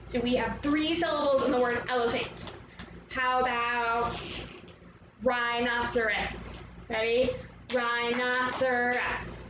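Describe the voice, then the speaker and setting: High-voiced woman teaching kids, echoey room. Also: level tone. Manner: upbeat, slow and clear, asks the viewer to join in. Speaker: children's arts teacher. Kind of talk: online lesson for young kids. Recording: roomy, echoey, from a distance with background noise.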